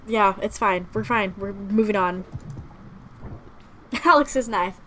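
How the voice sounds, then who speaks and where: A woman's voice: medium pitch, measured pace, fairly bright tone, slight background noise, rough recording. A woman playing a story game and commenting casually, emotional and exclamatory, often breaking into yelps. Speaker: gaming content creator. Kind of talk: casual let's-play commentary.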